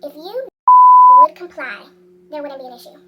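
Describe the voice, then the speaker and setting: A woman's voice: high-pitched, sing-song, normal speed, sharp tone, distant mic, slight background noise, pitched above the performer's own voice, full character voice. A woman voicing a bold, taunting young female classmate who goads and repeats herself.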